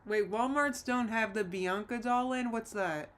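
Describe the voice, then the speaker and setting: A woman's voice: a little high, measured pace, fairly bright tone. A woman hosting a casual livestream, rambling and nostalgic as she reads viewer comments aloud and restarts her sentences. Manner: nostalgic and emotional. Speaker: livestream host. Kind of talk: casual live-stream chat with viewers.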